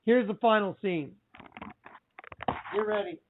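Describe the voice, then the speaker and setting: Animated man on a tinny phone line. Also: sits high, measured pace, over loud music. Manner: animated, repetitive storytelling. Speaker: radio show host. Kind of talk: retelling a movie in casual preaching talk.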